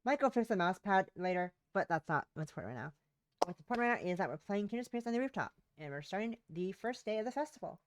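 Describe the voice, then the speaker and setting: A woman's voice: mid-range voice, lively intonation, quick pace, background noise. A woman with a sore throat, streaming a game from home and chatting casually in a rambling, self-interrupting way. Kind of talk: casual gameplay chat.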